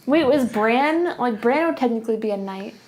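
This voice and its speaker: A woman's voice: a little high, animated, normal speed, a little mellow, a little hiss or hum, rough recording. A woman co-hosting a podcast in casual chat, pressing the others with questions. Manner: questioning, persistent. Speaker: podcast co-host.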